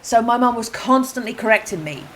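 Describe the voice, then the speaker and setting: A woman in her fifties from Essex, with an Essex English accent softened by her mother's corrections. She chats casually as she plays a game, thinking aloud with ums and quick self-corrections. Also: fairly high pitch, lively intonation, a little hiss or hum, poor audio. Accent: Essex English, softened by parental correction. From England, Essex. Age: 50s. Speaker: game streamer. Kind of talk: casual gameplay commentary.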